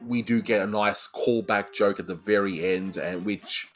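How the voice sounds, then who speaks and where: A man's voice: lowish voice, steady tone, a little slow, fairly bright tone. A man with an Australian accent, chatting casually as a co-host reviewing old cartoons, laughing often between fillers. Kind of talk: casual chat.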